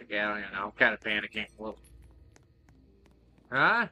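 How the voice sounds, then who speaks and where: A man giving excitable, joking playthrough commentary, swearing freely as he plays. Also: on the low side, a little fast, long pauses. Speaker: gaming video creator.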